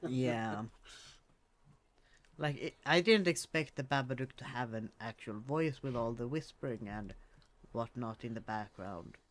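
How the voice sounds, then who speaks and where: A man's voice: mid-range voice, measured pace. A man co-hosting a podcast, chatting casually about a movie and often restarting his phrases. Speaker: podcast co-host.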